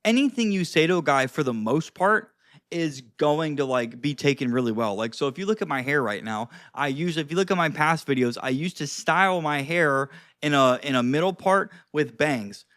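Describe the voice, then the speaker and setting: A man's voice: on the high side, lively intonation, moderate pace, a bit bright, no room sound, clean studio sound. A young man giving casual advice on social skills, loose and chatty with lots of fillers and some cussing. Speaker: social skills video host. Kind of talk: casual advice talk to camera. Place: seated indoors.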